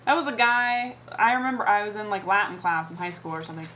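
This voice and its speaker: Young woman, sarcastic comedic rant, medium pitch, mocking voices for quotes, faint noise behind. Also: fast, bright, forceful tone, rough recording. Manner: sarcastic, mimics people's comments in put-on voices. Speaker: vlogger.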